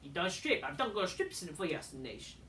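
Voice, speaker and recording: A woman's voice: fairly low pitch, very animated, moderate pace, a bit bright, slight background noise. A woman reviewing a wrestling show in a casual, rambling rant, swearing often and brushing things off with dismissive asides. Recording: echoey room, voice far from mic.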